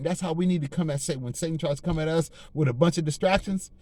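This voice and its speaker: A man's voice: on the high side, fast, few pauses, darkish tone, no room sound. A man preaching informally and fervently, slangy and full of repeated phrases and restarts.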